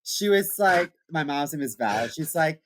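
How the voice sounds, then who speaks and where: A young man co-hosting a podcast, telling a funny family story in a casual, animated way and laughing as he goes. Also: a little high, unhurried, a little hiss or hum, low-quality recording. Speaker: podcast co-host.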